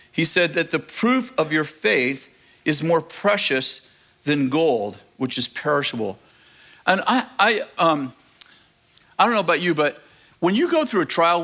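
A man preaching a sermon to a congregation, telling stories and addressing the crowd directly. He grows animated and emphatic, often acting out the voices of the people in his stories. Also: on the high side, moderate pace. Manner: animated storytelling, rising to emphatic near-shouting. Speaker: pastor.

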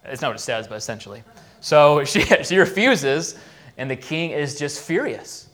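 A man's voice: on the high side, lively intonation, moderate pace, a bit bright. A man preaching in a church, retelling a Bible story casually and acting out the quoted lines. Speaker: pastor. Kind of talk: sermon recap of a Bible story.

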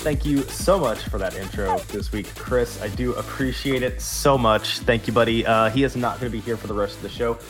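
A man's voice: mid-range voice, a little fast, hardly any pauses, over music. A man hosting a gaming podcast in a laid-back, joking way. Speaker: podcast host. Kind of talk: casual podcast chat.

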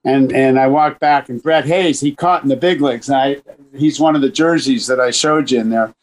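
A man's voice: medium pitch, a little fast, low-quality recording. Man, baseball coach, rambling, chatty restarts, radio interview. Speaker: baseball coach and general manager.

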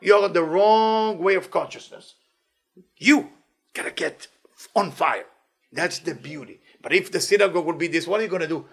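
Man, Torah teacher, husky voice, high pitch, playful, animated. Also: normal speed. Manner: animated, playful, non-native English phrasing. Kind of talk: weekly inspirational Torah talk.

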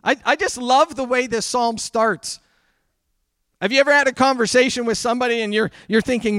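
A man preaching in a very high, bright and forceful voice, recorded close and dry with no room echo. He delivers his sermon with animated swings, reading scripture loudly and then sinking into hushed prayer. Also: a little fast, smooth. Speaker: pastor. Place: church.

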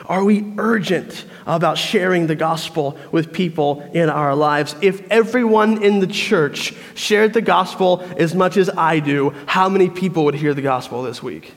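A man's voice: fairly high pitch, measured pace, hardly any pauses. A man preaching a sermon, telling a story and acting out crowd voices. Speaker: pastor. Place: church. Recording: long reverb of a church hall.

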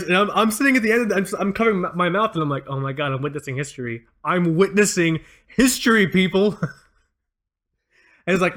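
A man telling a workplace story on a podcast, his voice climbing and swooping as he acts out each person. He laughs often and keeps it loose and casual, in a fairly high register. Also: expressive, moderate pace, long pauses, fairly bright tone. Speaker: podcast host.

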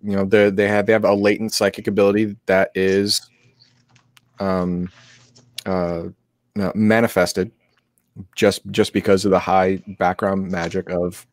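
Guy with a lowish voice rambling about game rules, lots of restarts, dead dry mic. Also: little pitch movement, no echo. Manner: halting, frequent restarts and fillers. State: sick. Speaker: co-host of a tabletop game stream. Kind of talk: casual chat.

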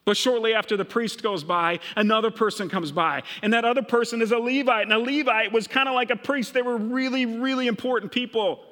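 A man's voice: very high voice, fairly even intonation, brisk, hardly any pauses, a bit bright, in a large hall. A middle-aged man from Minnesota preaching a sermon, retelling a story and voicing the characters' thoughts. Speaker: pastor.

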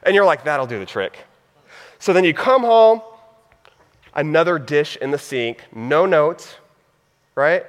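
A man's voice: on the high side, a little slow, long pauses, in a large hall. A man preaching in a conversational way, acting out everyday scenes with quoted voices. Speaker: pastor. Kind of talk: sermon.

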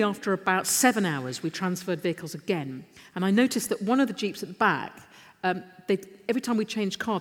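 Self-mocking Englishwoman telling stories on stage. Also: lowish voice. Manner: animated, self-deprecating anecdotes with restarts. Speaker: interview guest. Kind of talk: live on-stage storytelling. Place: stage in a large literature festival hall. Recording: live hall with long reverb.

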